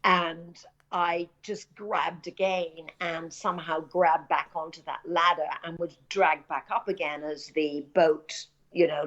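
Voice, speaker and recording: A middle-aged British actress and screenwriter, appearing as an interview guest, tells lively anecdotes in a casual way. Her voice is fairly low, and she laughs often while acting out the voices of the people she quotes. The audio is dull and lo-fi.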